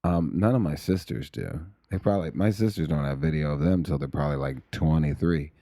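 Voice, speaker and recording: Man, comedian guest, very low and dark-toned, rambling and self-mocking, dry close sound. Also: fairly even intonation, fairly quick, no echo. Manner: rambling, self-deprecating jokes. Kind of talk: casual chat.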